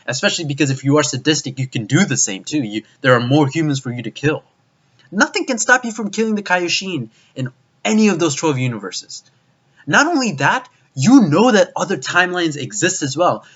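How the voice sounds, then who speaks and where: A man's voice: mid-range voice, fairly bright tone. Young man, profane ranting review, exasperated, stumbling restarts, dull lo-fi mic. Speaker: anime reviewer. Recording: dull lo-fi recording.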